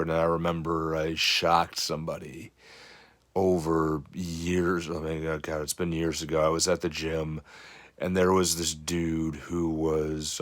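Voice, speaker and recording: A man who coaches fitness, giving an earnest, rambling motivational talk to camera, full of "you know" and "I mean" fillers. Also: very deep voice. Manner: earnest, rambling, many 'you know' fillers.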